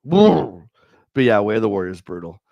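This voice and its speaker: On a livestream, a nasal, congested-sounding man reads old magazine reviews and then jokes around about them at rambling length. His voice is fairly low and gravelly, swinging widely in pitch at a moderate pace, in a dry recording with the highs cut off.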